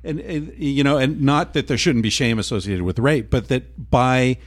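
Casting: middle-aged male host, blunt and swearing, mid pitch. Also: normal speed. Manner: blunt, profane and animated. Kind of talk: casual chat.

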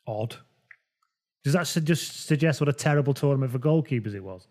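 A man hosting a podcast, chatting about football in a relaxed, rambling way and often correcting himself mid-sentence. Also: medium pitch, brisk. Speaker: podcast host. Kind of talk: casual football chat.

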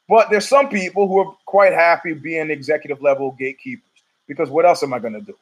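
A man's voice: on the high side, fast talker, rough recording. A middle-aged man hosting a podcast, rambling through a profane, opinionated monologue full of restarts. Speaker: podcast host.

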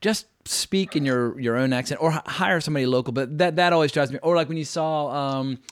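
A man's voice: a little high, fairly quick, no room sound, clean studio sound. A man hosting a podcast, chatting casually with strong, emphatic opinions. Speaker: podcast host.

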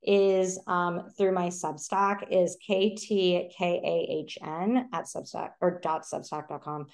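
A woman's voice: fairly low pitch, flat delivery, a little mellow. A woman guest on a podcast, talking in a Valley Girl voice full of "like", laughing often as she argues her points. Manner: laughs often, fast opinionated talk. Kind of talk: casual conversation.

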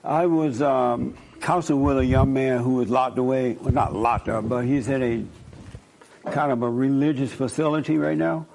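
A man with a gravelly, creaky voice telling stories from his counseling work. He talks casually and emphatically, repeats his points, and acts out both sides of each conversation. His pitch sits in an ordinary middle range. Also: steady tone, normal speed, a little mellow, slight background noise, low-quality recording. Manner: emphatic, repetitive, quotes himself and others in dialogue. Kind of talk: informal storytelling talk.

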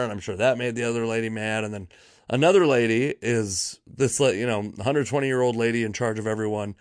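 A man of medium pitch tells a comic story in a loose, rambling way. He exaggerates dryly and keeps correcting himself mid-sentence. His voice sounds close and dry, with no room sound. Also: brisk, no echo. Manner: rambling, wry, exaggerating for laughs; frequent fillers and self-corrections. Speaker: podcast host. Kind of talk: casual comedic storytelling monologue.

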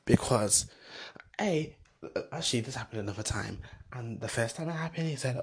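A woman with a gravelly, husky voice rambles through a story to camera. She is blunt and sassy, jumping from loud, animated outbursts to quiet, almost whispered asides. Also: extremely low pitch, normal speed. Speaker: vlogger.

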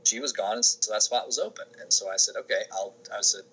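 Interview guest: man, lowish voice with a bright edge, rambling casual answers full of restarts, faint hiss behind. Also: quick pace, low-quality recording. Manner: rambling, many restarts and fillers. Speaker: sports information director, podcast guest.

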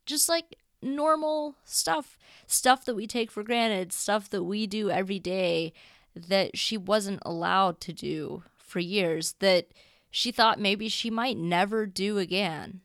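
A woman's voice: medium pitch, takes it slowly, no room sound, clean studio sound. A woman hosting a podcast in a casual, gushing and heartfelt monologue, with a tearful edge. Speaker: podcast host.

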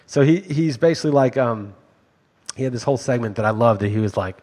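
A middle-aged man co-hosting a chatty podcast. He talks quickly and bluntly, with frequent profanity and emphatic, ranting delivery in a plain mid-range voice. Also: mid-range voice, a little mellow. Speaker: podcast co-host. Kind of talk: casual chat.

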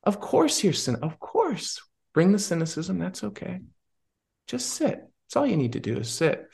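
A man lends his voice to a serene, compassionate statue spirit who speaks softly and reassuringly, raised a little higher and hushed. There is a gravelly edge underneath. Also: very animated, unhurried, heavily acted. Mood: soothing. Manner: soft, gentle, reassuring.

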